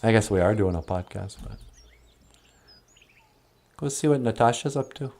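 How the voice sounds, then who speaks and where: A man hosting and telling traditional stories in a slow, musing, casual way, laughing often. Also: fairly low pitch, expressive, gravelly, a little mellow. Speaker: storyteller and host. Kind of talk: casual storytelling.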